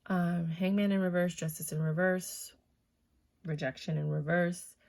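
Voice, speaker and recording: A woman's voice: on the low side, fairly even intonation, a little slow, gravelly, darkish tone. A woman reading tarot in a chatty, loose way, swearing freely as she talks to her viewers. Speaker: tarot reader.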